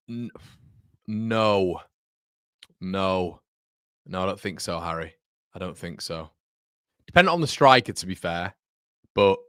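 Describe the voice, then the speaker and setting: A man with a lowish voice hosts a casual fan livestream, reading viewer comments aloud and chatting back to them. He rambles a little, corrects himself mid-sentence and keeps calling people mate. The sound is close and dry, with no room around it. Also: a bit bright, dry recording. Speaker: fan channel host.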